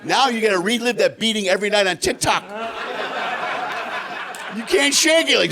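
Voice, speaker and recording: A middle-aged man doing a stand-up comedy set, telling stories with animated delivery and shouting the punchlines. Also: high-pitched, moderate pace, pauses often, a crowd in the background. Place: live comedy stage. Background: audience laughter.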